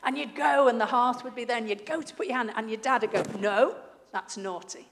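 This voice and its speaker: A woman preaching a sermon, telling a story and swinging from hushed to loud. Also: a little high, fast, vocal fry. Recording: echoey hall, faint noise.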